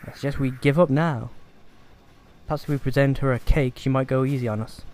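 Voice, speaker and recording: A man's voice: mid-range voice, steady tone, fairly quick, darkish tone, a little hiss or hum. A man giving dry, joking, sweary commentary over a video game. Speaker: let's play host. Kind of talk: sarcastic gameplay commentary.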